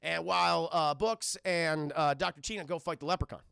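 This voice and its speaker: A young man casually recapping a film scene by scene for a live chat. He is animated and profane, keeps addressing the chat and thanks viewers for donations. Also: on the high side, a little fast, creaky, clear, resonant tone, no echo, clean studio sound. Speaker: film reviewer streaming live.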